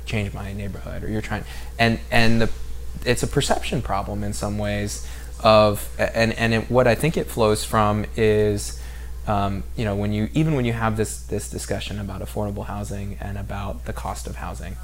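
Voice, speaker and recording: A man's voice: on the low side, steady tone, moderate pace, a little hiss or hum. A man from San Diego in casual podcast conversation, talking in long rambling runs full of fillers and restarts. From San Diego, California.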